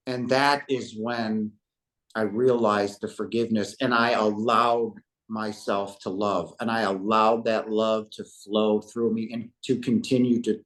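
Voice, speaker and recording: A man's voice: fairly low pitch, level tone, unhurried, fairly bright tone. A man in his fifties, a podcast guest, giving an emotional spiritual testimony and addressing listeners like a preacher. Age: 50s.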